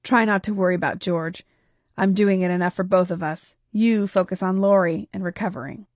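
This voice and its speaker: A woman voicing a tired, worried husband who talks quietly and soothingly. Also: mid-range voice, fairly even intonation, normal speed, dry recording, natural voice. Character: weary worried husband, gentle and protective.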